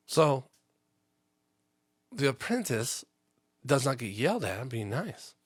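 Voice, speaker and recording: A man's voice: medium pitch, sing-song, slow pace, long pauses, slightly rough, no echo, clean studio sound. A man who works a union trade, hosting a podcast in a loose, rambling monologue full of swearing and fillers. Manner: profane, lots of fillers.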